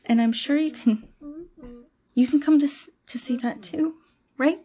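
A woman's voice: high-pitched, measured pace, warm tone. A woman playing a frightened young woman in an audio role-play drama, pleading with a possessive captor. She stammers and drops into whispers. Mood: soothing, shaky.

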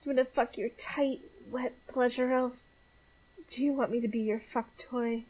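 A woman playing a high, breathy, pleading elf. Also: fairly even intonation, moderate pace, darkish tone, natural voice, low-quality recording.

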